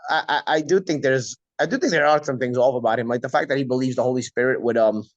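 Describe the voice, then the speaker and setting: A man's voice: medium pitch, quick pace, dry recording, lo-fi sound. A man hosting a casual boxing talk show, stuffed up with a cold, talking bluntly and repeating himself. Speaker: podcast host.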